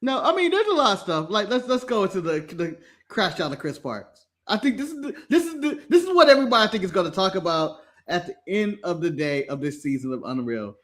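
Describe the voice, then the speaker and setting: Very high-voiced laughing man. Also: fairly quick. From United States. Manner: animated, laughing, mimics people. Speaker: podcast co-host. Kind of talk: casual podcast chat.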